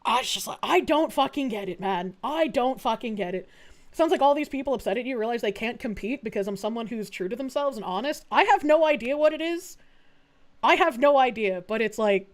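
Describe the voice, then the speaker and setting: Young woman streamer, high voice, foul-mouthed, animated casual chat, laughs a lot. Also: brisk. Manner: swears a lot, laughs often, animated storytelling. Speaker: VTuber streamer.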